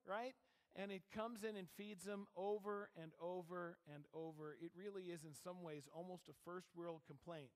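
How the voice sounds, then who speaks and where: A fairly high-voiced male pastor gives a sermon with an easy, conversational delivery, checking in with the congregation as he goes. His voice carries a long reverb from the church hall around him. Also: fairly even intonation, normal speed. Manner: conversational, asks the congregation questions. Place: church sanctuary.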